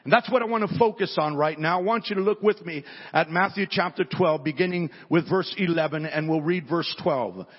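A little fast and hardly pausing, a male pastor with a slightly rough, a little high voice tells a story in his sermon. His conversational manner often repeats words at the beginnings of sentences. The audio is dull, with long reverb from the hall.

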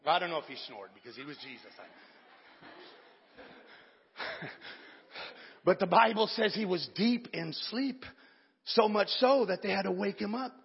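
A man with a very high, gravelly voice preaching a sermon with impassioned, dramatic delivery. The recording carries the long echo of a church sanctuary. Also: expressive, measured pace, pauses often. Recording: echoey hall, dull lo-fi sound.

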